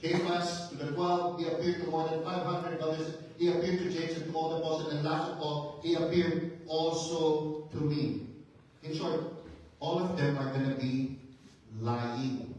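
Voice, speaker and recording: A man's voice: fairly high pitch, normal speed, a little mellow, a little hiss or hum. A male pastor preaching a sermon with emphatic rhetorical questions, building to fervent intensity. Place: church sanctuary. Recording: very echoey church hall, mic at a distance.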